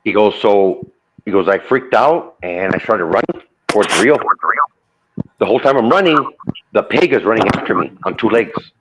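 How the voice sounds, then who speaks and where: Storyteller: a man with a lowish voice, loose and conversational, recorded on dull, lo-fi sound. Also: expressive, moderate pace, slight background noise. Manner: loose retelling full of "I go" and "he goes". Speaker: guest telling a true ghost story. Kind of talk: casual spoken storytelling. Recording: dull lo-fi audio.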